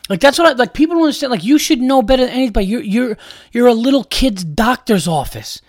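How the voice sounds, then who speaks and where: High-pitched young man, podcast host, angry profane rant, dry recording. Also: animated, quick pace, dry recording. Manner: exasperated, profane, repetitive ranting. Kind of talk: casual ranting monologue.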